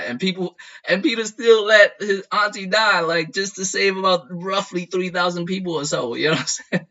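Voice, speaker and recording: Streamer type, man, a bit high and very bright, profane rant, dull lo-fi audio. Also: normal speed. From United States. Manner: profane, animated rant with frequent laughs. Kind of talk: casual chat.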